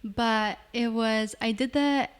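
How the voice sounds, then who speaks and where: Woman, thirties, podcast co-host, casual chat, candid, slightly high voice. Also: steady tone, slow, clean tone. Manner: candid, laughs often.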